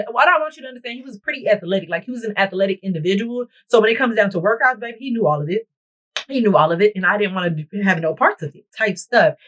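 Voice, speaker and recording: A woman's voice: mid-range voice, low-quality recording. Dramatic young woman telling a storytime. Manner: dramatic, animated, talks straight to viewers. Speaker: beauty vlogger. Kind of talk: storytime chat while getting ready. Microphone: camera mic while doing her makeup.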